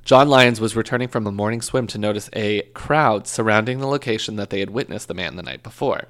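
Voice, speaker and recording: Low gravelly guy telling a crime story to a buddy, jokey, swears a bit. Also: brisk, a bit bright. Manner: joking storyteller, swears, self-corrects. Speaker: podcast co-host telling a true crime case. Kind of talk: casual chat.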